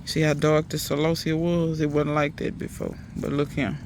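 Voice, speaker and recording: Gravelly man in a garden vlog. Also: on the high side, monotone, moderate pace, background noise. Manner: chatty, emphatic, addresses viewers as y'all. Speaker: home gardener. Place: outdoor garden.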